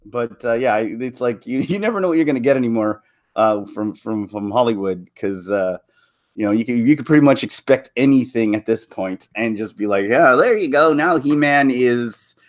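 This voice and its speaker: A man's voice: on the low side, a little fast, darkish tone. A man from Canada rambling through casual solo commentary, chuckling and restarting his sentences often. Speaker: vlogger.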